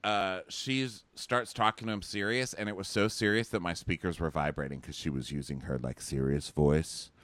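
A man's voice: sits low, steady tone, moderate pace, few pauses, a bit bright, dry recording. A young man co-hosting a casual recap chat, snarky, acting out people's lines in mocking voices. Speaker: podcast co-host.

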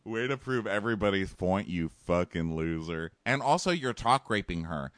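A man co-hosting a casual recap chat who talks with animated energy, swears casually and acts out the people he describes. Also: low-pitched, moderate pace, no echo, clean studio sound. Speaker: podcast co-host.

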